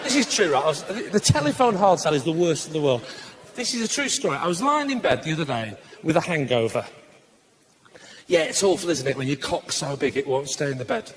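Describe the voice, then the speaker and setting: A man doing a live stand-up routine, telling sarcastic stories that build into shouting. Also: fairly high pitch, brisk, noisy background. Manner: sarcastic, animated storytelling that rises to shouting. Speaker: stand-up comedian. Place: live comedy stage before an audience. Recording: live show with loud crowd laughter. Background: audience laughter.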